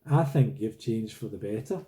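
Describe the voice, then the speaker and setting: A man voicing a blunt, gum-chewing teenage girl with a husky voice. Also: fairly low pitch, animated, moderate pace, warm tone, pitched below the performer's own voice, lightly acted. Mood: offhand. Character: tough-talking teenage girl in heavy makeup.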